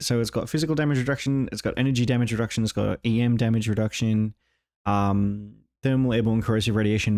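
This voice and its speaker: A man with an Australian accent, excitedly breaking down a game trailer and rambling with lots of "like". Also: mid-range voice, no echo, studio quality. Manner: enthusiastic, rambling, fond of "like". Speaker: gaming video host.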